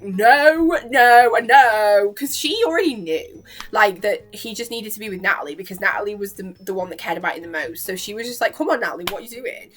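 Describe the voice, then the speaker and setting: A woman's voice: mid-range voice, a bit bright. A young woman vlogging casually at home into a webcam, chatty and giggly, packing her talk with "like" as she recaps a cartoon episode. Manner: chatty and giggly, full of fillers like "like".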